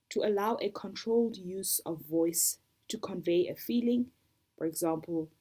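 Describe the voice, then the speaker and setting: A woman leading a storytelling workshop, calmly going through terms one at a time and defining each. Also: mid-range voice, husky. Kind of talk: instructional talk.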